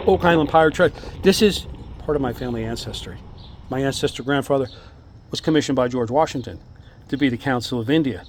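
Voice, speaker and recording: A man excitedly showing his stone collection to the camera, rambling from one topic to the next in a casual monologue. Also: medium pitch, slight background noise. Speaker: amateur artifact collector. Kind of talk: casual show-and-tell monologue.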